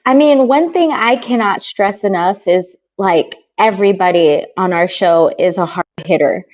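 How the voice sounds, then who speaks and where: A woman with a Midwestern American accent, a television co-producer talking as a guest in a casual interview, bubbly and quick to laugh. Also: mid-range voice, a little mellow, muffled recording. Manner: bubbly, laughs often, full of "like".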